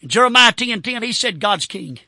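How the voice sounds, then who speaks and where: A man preaching with fervor, breaking into shouts and whoops between his points. His voice sits high and sounds bright and tense. The sound is dry and close, with no room around it. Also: lively intonation, brisk, dry recording. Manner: fervent, shouting bursts and whoops. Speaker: Baptist pastor. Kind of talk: sermon.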